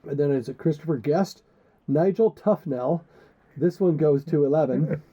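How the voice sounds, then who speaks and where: The co-host is a man whose voice is a little high and whose speed is normal. It's a casual podcast conversation full of rambling, jokes, and crude asides, recorded with muffled lo-fi quality.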